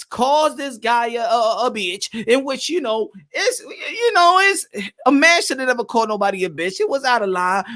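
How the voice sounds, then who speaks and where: A man's voice: very high-pitched, bright, forceful tone. A man delivering heated, profane vlog commentary on boxing.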